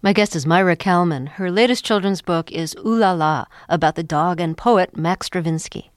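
A woman's voice: fairly low pitch, moderate pace, no echo, clean studio sound. A woman hosting a radio interview, asking questions in a friendly, conversational way. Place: studio.

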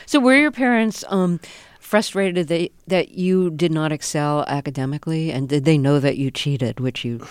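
A woman's voice: low voice, moderate pace, smooth, no room sound, studio quality. A woman, a radio interviewer, asking direct, probing questions.

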